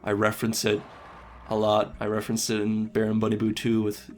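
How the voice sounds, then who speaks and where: A man's voice: fairly low pitch, monotone, a little fast, slight background noise. A young man, an animator, talking casually in an interview, rambling and self-deprecating, with casual swearing.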